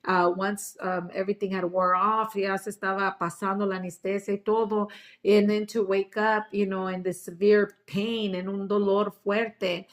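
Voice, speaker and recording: A woman teaching a parenting class, repeating each point in English and with fillers and restarts. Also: mid-range voice. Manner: switches between English and Spanish, with fillers and restarts. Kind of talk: bilingual class talk, English then Spanish.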